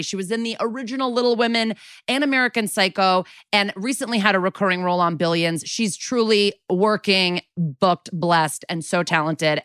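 A woman co-hosts a podcast with eager energy and swears freely. Her voice sits at a middling pitch and is recorded close and dry. She comes across as keen and animated. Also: dry recording. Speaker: podcast co-host. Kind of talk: casual chat.

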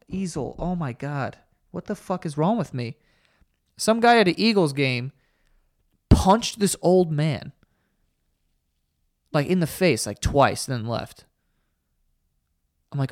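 A man's voice: on the high side, no echo, clean studio sound. A young man hosting a casual solo podcast, rambling and profane, sarcastic, often tripping over his words. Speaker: podcast host.

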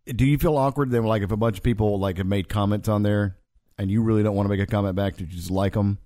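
Male host, mellow dry tone, teasing banter. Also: on the low side, fairly even intonation, quick pace, no echo. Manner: teasing, leads the topics. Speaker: podcast host. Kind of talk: casual chat.

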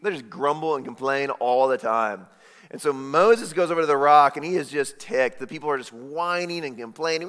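Man preaching in a reverberant hall. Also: medium pitch. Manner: animated storytelling, repeated "right?" asides, acts out quotes. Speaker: pastor. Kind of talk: sermon.

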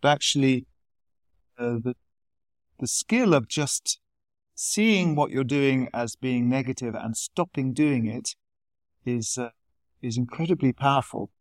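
A man teaching Buddhism in a relaxed, conversational dharma talk with storytelling asides. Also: mid-range voice, measured pace, long pauses, no room sound, studio quality.

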